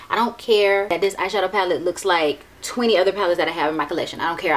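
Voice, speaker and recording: Young woman beauty vlogger, slightly low voice, emphatic and blunt, repeats herself, swears casually. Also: fairly even intonation, fast, few pauses. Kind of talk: casual monthly favorites review.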